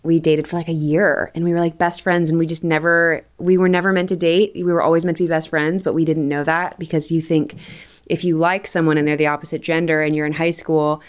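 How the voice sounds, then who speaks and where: A woman's voice: low-pitched, level tone, clean tone. A young woman, a podcast guest, chatting casually and saying "like" a lot. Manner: chatty, heavy use of 'like', quick to laugh. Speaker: guest storyteller. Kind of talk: casual chat.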